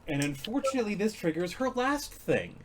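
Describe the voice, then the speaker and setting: A man's voice: high-pitched, very animated, brisk, a little hiss or hum. A man running a tabletop game session as dungeon master, casual and laughing, swearing freely.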